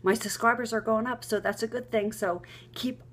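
A middle-aged woman vlogger casually telling a funny story, animated and swearing, giggling often. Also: on the high side, normal speed.

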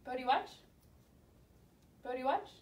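A woman student handler giving her dog short, lively cues. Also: high-pitched, a little slow, distant mic. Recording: echoey room, heard from afar with noise.

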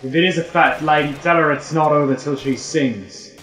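Brief: playful man gaming with friends, slightly high voice, mock British accent, roomy distant mic. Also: moderate pace, fairly bright tone. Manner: joking, barking orders, mock-British put-on accent. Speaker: let's play co-host. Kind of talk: casual gaming banter. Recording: roomy, off-mic, faint noise.

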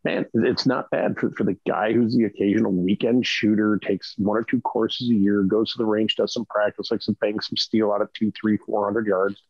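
Brief: low, gravelly male panelist, husky edge, emphatic casual talker. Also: steady tone, normal speed, hardly any pauses, a little mellow, no echo, muffled recording. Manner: emphatic, keeps asking "right?". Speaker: podcast panelist.

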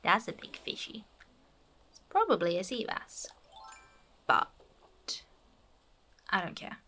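A woman's voice: mid-range voice, sing-song, slow pace, sharp tone. A woman giving playful, chatty commentary while playing a life-sim game. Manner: playful, chatty, fond of cute characters. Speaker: gameplay streamer. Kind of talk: casual gameplay commentary.

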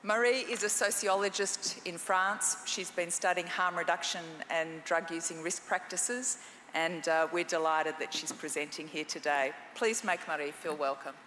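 An Australian woman chairs a conference session with formal, gracious introductions. Her voice sits a little low but sounds bright and forceful, with faint hall ambience behind it. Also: steady tone, moderate pace, slight background noise. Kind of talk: conference moderation.

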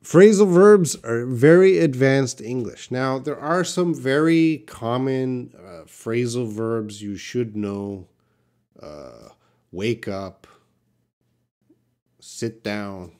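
A man teaching English on a live stream, slowly answering viewers' questions one by one. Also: mid-range voice, a little mellow. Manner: slow, patient, reads out viewer questions. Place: classroom with a whiteboard.

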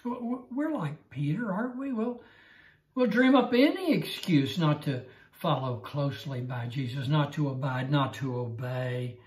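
Slow earnest guy teaching bible class, lots of restarts, echoey room. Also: on the high side, big pitch swings. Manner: earnest, repetitive, stammering restarts. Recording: roomy echo.

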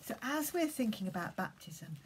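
A woman leading collective worship for primary school children, speaking gently and reading them a story. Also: fairly high pitch, sing-song, moderate pace, a little hiss or hum.

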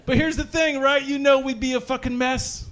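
A young man performing a crude, animated stand-up set at a brewery show, acting out panicked voices in his stories. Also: very high-pitched, normal speed. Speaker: stand-up comedian.

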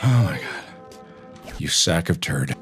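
A man doing frustrated gaming commentary, swinging from low mutters to sudden yelling as he plays. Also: sing-song, slow pace, over music. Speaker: gaming video host.

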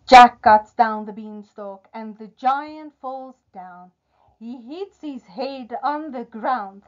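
Woman teacher, storybook read-aloud, very slow and clear, slightly high voice, lo-fi audio. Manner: slow, clear, expressive reading. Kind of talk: reading a storybook aloud for a class. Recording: dull lo-fi recording.

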